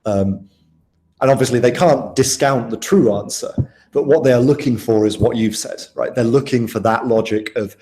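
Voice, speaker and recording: This young man tutors live online, casual and chatty, often asking his students questions. He has a medium pitch, a dark tone, and a moderate pace, and the sound is roomy.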